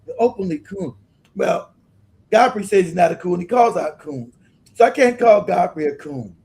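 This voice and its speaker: A man hosting a livestream, giving loud, blunt commentary that he keeps breaking up with laughter. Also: high voice, lively intonation, normal speed. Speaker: livestream host.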